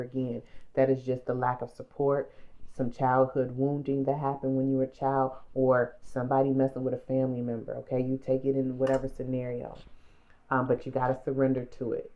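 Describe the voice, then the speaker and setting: A woman with a very low voice reads tarot cards aloud for her viewers, earnest and emotional, circling back to the same points again and again. The sound is dull and lo-fi, as if recorded at home. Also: flat delivery, fairly quick. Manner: emotional, repetitive, addresses viewers directly. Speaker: tarot card reader. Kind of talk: pick-a-card tarot reading. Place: home room.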